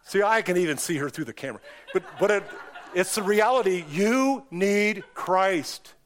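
A man preaching from a church pulpit is animated and fervent, keeping a moderate pace. His sermon is emphatic, marked by sudden jumps and dips in pitch and loudness.

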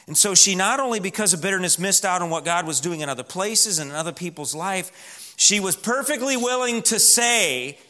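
A man preaching a sermon as pastor in a church, emphatic, slowing down and dropping to a hush on key words. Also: sits high, lively intonation.

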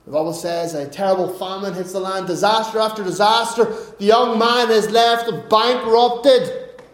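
A man's voice: high-pitched, steady tone, normal speed, echoey room. A man preaching a sermon in an earnest way, often repeating and restarting his words.

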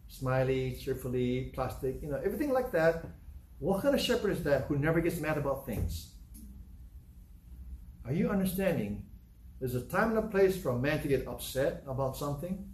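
A man preaching a sermon as a pastor, animated, acting out biblical scenes with sudden loud outbursts. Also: fairly high pitch. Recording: roomy sound from a distance with faint background noise.

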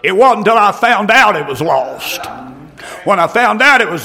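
A middle-aged man preaching a fiery revival sermon, breaking into shouted outbursts between folksy stories. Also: high voice, big pitch swings, moderate pace, vocal fry.

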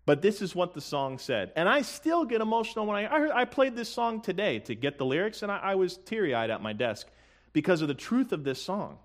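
A man in his thirties delivers a sermon with a slightly high voice. He talks in an earnest, conversational way, mixing jokes and asides with slowly sung hymn lines. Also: sing-song. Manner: sings hymn lyrics slowly. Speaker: pastor.

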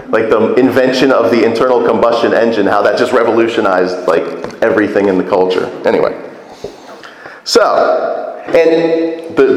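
A man's voice: mid-range voice, echoey room, big-room sound, low-quality recording. A man preaching a sermon as pastor, talking casually and asking the congregation questions. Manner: conversational, animated, asks the congregation questions.

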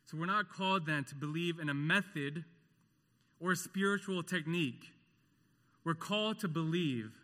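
A man preaching a sermon with impassioned delivery, rising to loud rhetorical questions and dropping to a hushed, tender tone. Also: on the high side, moderate pace, big-room sound. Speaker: pastor.

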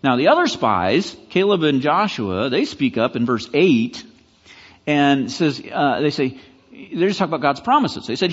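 A man preaching a sermon as pastor, conversational and animated, pushing hard to make his points. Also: fairly high pitch, unhurried, slightly rough, long reverb tail, dull audio.

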